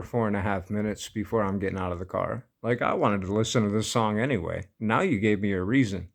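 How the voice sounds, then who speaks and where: A man's voice: medium pitch, gravelly. A man casually telling a personal story, laid-back and amused, often breaking into laughter. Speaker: vlogger.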